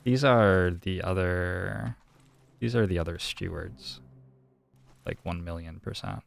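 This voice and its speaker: A man's voice: low-pitched, takes it slowly, vocal fry. A young man streaming a detective game, musing and thinking aloud in casual commentary.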